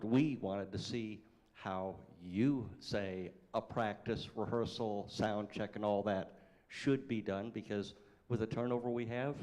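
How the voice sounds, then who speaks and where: A church sound-booth volunteer speaks up from the audience with a casual introduction. He pauses often and fills the gaps with "uh". His voice sits somewhat low. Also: darkish tone. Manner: halting, with many fillers.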